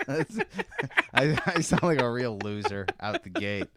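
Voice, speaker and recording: A man co-hosts a comedy podcast in crude, casual banter. His voice sits at an ordinary pitch. He jokes fast and runs himself down. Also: huge pitch swings, fairly bright tone, no room sound, studio quality. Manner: self-deprecating, crude, quick to joke.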